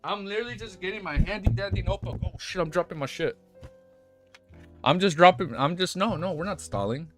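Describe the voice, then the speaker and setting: Speaking briskly in a high, somewhat bright voice, the young man chats on his livestream with faint music behind him. He rambles, curses plenty, and often starts over to correct himself.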